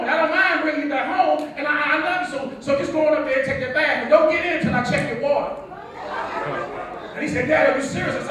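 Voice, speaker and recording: Guy doing a deadpan dad in his 50s, real high voice, echoey hall from far off. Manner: storytelling, deadpan and teasing. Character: strict, wry middle-aged father of a grown son. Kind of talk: stage comedy monologue. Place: theatre stage.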